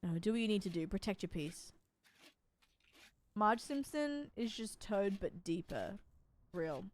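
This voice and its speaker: A woman's voice: medium pitch, sing-song, measured pace, a little mellow. A young woman, chatting casually and joking about herself as she streams a game, with casual swearing. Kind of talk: casual gameplay commentary.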